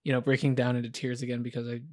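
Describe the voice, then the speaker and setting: A man's voice: medium pitch, monotone, rapid-fire, no echo, studio quality. A man co-hosting a podcast, chatting casually and candidly about films, rambling with lots of fillers. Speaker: podcast co-host. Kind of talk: casual film chat.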